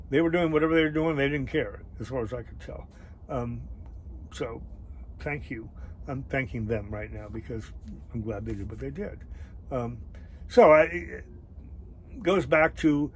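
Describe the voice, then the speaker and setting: Man rambling thru a travel story, lotsa ums and restarts, a bit high pitched. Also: rough recording. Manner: rambling, halting, many fillers and restarts. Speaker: travel vlogger. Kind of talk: casual storytelling.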